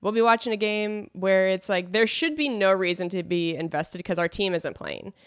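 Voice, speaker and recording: A woman's voice: mid-range voice, normal speed, smooth, no room sound, studio quality. A woman co-hosting a podcast in casual chat, teasing at times and earnest when she explains herself. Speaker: podcast co-host.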